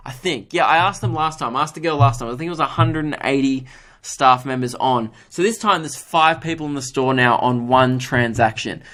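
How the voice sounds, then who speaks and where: Man telling a rambling story. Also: fairly quick. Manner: animated, jumps into higher voices to mimic others; self-mocking, swears freely. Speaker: podcast host. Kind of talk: casual solo podcast storytelling.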